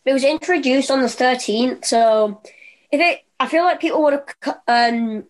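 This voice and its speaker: Deadpan podcast co-host, woman, fairly high voice. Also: normal speed. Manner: deadpan, rambling, full of "like". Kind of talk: casual chat.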